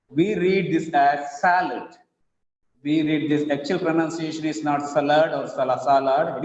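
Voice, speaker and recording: A man with an Indian English accent teaching an English class, explaining slowly, repeating key words and asking the class questions. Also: on the high side, a little mellow. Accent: Indian English, Kannada-speaking. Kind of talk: classroom lecture. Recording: echoey classroom, dull lo-fi sound.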